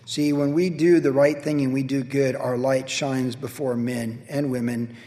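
Animated middle-aged pastor in a hall. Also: male voice, mid-range voice, unhurried. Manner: animated storytelling, acts out quoted voices, laughs at himself. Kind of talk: sermon with personal story.

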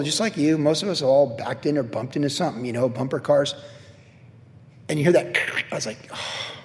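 A man's voice: on the high side, brisk, in a large hall. A middle-aged man preaching a sermon as a pastor, telling a personal story in a casual, self-deprecating way.

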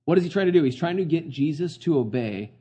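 A man's voice: a little high, expressive, fast talker, warm tone, breathy edge, dull audio. A man preaching a casual sermon in a conversational, slangy way, often asking the congregation questions. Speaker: pastor.

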